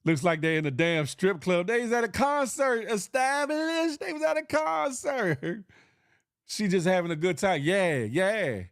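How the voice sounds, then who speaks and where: A man's voice: high-pitched, expressive, a little slow, dry recording, studio quality. A male morning show host chatting casually on a livestream, joking in slang and greeting viewers by name.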